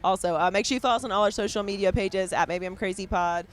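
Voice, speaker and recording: A woman hosting a podcast, chatting casually and easily with her guest, full of relaxed fillers. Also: medium pitch, quick pace. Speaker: podcast host. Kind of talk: casual interview chat.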